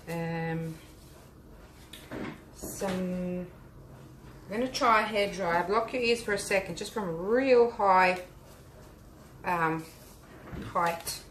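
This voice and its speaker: A woman's voice: on the low side, a bit bright. Chatty Australian woman in a roomy space. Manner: chatty, talks to viewers while working. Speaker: art teacher and vlogger. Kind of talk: casual live-stream chat while painting. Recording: roomy echo with faint hum.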